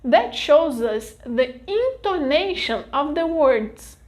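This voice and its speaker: A Brazilian woman with a high, light voice gives a pronunciation lesson in English. She speaks at an unhurried pace and draws out each example word with care. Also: big pitch swings, darkish tone. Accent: Brazilian Portuguese. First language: Brazilian Portuguese. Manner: careful, deliberate explanation with drawn-out example words. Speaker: language teacher.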